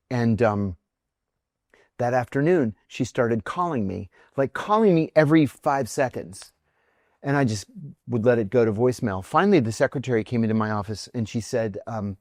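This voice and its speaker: A man's voice: mid-range voice, a little mellow, dry recording, clean studio sound. A middle-aged man, a former intelligence officer, telling a personal story in a podcast interview, acting out the voices of the people in it.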